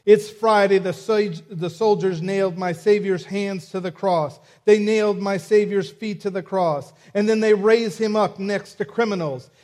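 A man's voice: high voice, steady tone, normal speed, hardly any pauses, a little mellow, voice pushed up, close to an everyday voice. A man putting on a fiery Southern-accented preacher, chanting emphatic repeated lines in a rising cadence. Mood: fervent.

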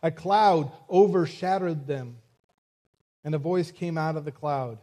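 A male pastor delivering a sermon, taking his time over every phrase. His voice sits a little high for a man, and he speaks in a slow, deliberate cadence. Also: dark tone. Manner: preaching with rising intensity, measured pacing.

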